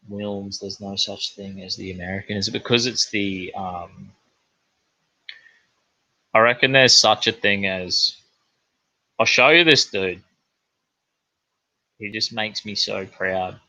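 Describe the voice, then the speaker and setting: A man's voice: on the low side, steady tone, slow, pauses often, sharp tone, dry recording. A young man, hosting a podcast and rambling casually with plenty of swearing. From New Zealand. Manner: rambling, profane, laid-back. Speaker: podcast host. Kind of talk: casual monologue. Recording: dull, lo-fi, dry sound.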